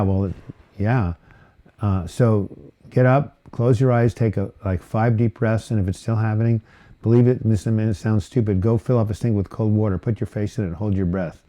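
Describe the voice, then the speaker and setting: A man with a low, very dark and mellow voice hosts a casual live chat about mental health. He reads viewers' comments aloud and answers them in a rambling, conversational way, full of fillers and restarts. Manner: rambling, chatty, with frequent fillers and self-corrections.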